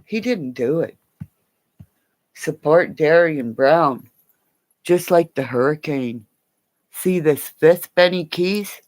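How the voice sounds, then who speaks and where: A woman ranting in a rambling, profane livestream, swinging between low growling threats and high shouting. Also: animated, slow pace, long pauses.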